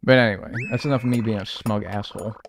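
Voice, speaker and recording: A man's voice: on the low side, fast. A man chatting casually and profanely while streaming a video game, rambling through stories. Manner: rambling, profane, animated storytelling with mimicked voices. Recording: faint music behind.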